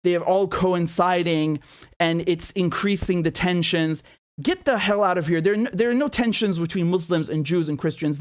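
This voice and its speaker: Male host, high voice, heated monologue, rhetorical questions. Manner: indignant, fires rhetorical questions. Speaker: political commentator. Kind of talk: impassioned political commentary.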